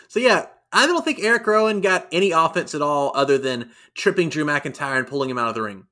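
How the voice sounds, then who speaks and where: A man's voice: on the high side, animated, fast talker, sharp tone. A man co-hosting a casual review podcast, talking animatedly and acting out quotes in raised voices. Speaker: podcast co-host. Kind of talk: casual wrestling review chat.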